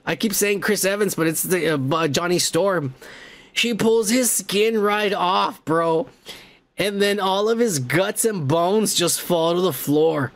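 A man's voice: high voice, fairly bright tone. A man hosting a podcast who recaps a film in a rambling, profane, casual way. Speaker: podcast host.

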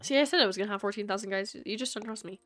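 A woman's voice: mid-range voice, racing, a bit bright, no room sound, faint music behind. A woman streamer chatting casually with her viewers while playing a game, rambling and talkative. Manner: rambling, chatty, talks to chat. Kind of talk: casual live-stream chat while gaming.

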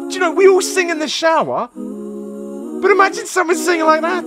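A British reaction video host giving casual, excitable commentary full of swearing and loud exclamations. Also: very high-pitched, moderate pace, music in the background. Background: song playing faintly.

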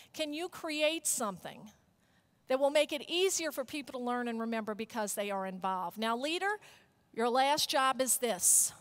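Middle-aged woman, high voice, energetic keynote speaker with audience chants. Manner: animated storyteller, leads call-and-response chants. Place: conference hall stage.

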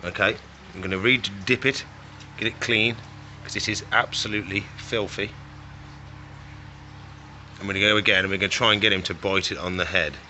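A young man talks his way through feeding reptiles in a loose, chatty vlog manner. He coaxes and scolds the animals playfully, with a bright, forceful tone. Faint noise sits behind him. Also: low-pitched, fairly even intonation, normal speed, long pauses. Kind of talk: casual vlog narration while working.

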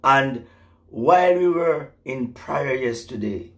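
Male preacher, middle-aged, gravelly, unhurried, emotional prophetic sermon. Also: medium pitch, expressive. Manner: emotional, rising to fervent exclamations.

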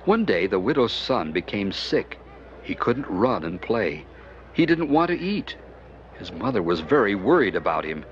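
A man giving scripted narration of a children's Bible story, expressive and animated. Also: medium pitch. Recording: dull lo-fi with music behind.

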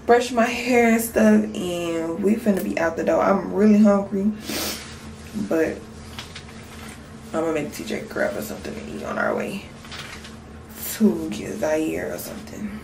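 Sleepy young mom vlogging to camera. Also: female voice, fairly low pitch, measured pace, creaky, noisy background. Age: 20s. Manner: chatty, candid, talks straight to viewers. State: just woke up, sleepy. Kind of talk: casual vlog chat to camera.

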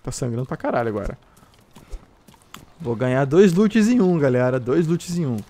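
A man's voice: mid-range voice, sing-song, a little fast, mellow. A man with a Brazilian Portuguese accent, a gamer giving orders and mocking other players in voice chat, swearing as he goes. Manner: commanding, mocking, swears and laughs. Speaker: gamer streamer. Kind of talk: gameplay voice chat.

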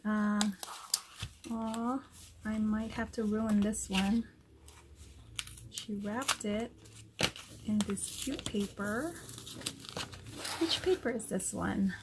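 Woman craft vlogger, slow and gushing, slightly high voice, noisy recording with paper crinkling. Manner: gushing, says "cute" and "oh my gosh" constantly. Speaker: craft vlogger unboxing happy mail. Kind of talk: casual unboxing chat to camera.

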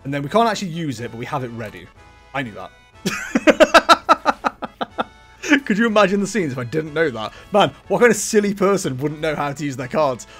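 Chatty man streaming with lively pitch. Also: moderate pace, breathy edge. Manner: chatty, self-mocking, laughs often. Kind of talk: casual live-stream commentary. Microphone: desk microphone, webcam. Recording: music playing faintly behind.

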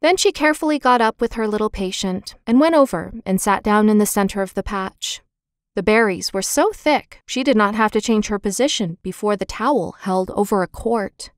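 Clear, expressive woman narrating a children's book. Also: medium pitch, normal speed, no room sound, studio quality. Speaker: audiobook narrator.

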